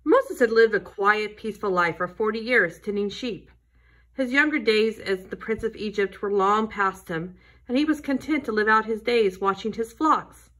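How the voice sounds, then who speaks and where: A woman teaching a Sunday school lesson, telling a Bible story to children in a gentle storytelling way. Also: a little high.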